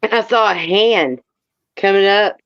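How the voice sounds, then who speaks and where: A woman's voice: medium pitch, unhurried, clean tone, no echo, muffled recording. A woman co-hosting a casual chat show, telling stories in a blunt, profane, laid-back way. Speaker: co-host.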